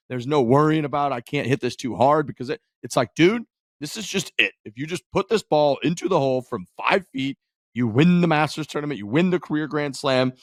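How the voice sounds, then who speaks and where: A man co-hosting a golf podcast, talking through a big moment in an excited, profane, rambling way. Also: fairly high pitch, no room sound, clean studio sound. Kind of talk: casual chat.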